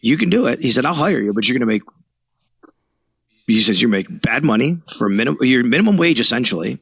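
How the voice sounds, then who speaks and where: A man's voice: mid-range voice, lively intonation, a little fast, fairly bright tone, breathy edge, no echo. A man from Buffalo, New York, a sports reporter who is a podcast guest, telling his story animatedly and acting out quoted dialogue. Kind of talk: casual storytelling interview.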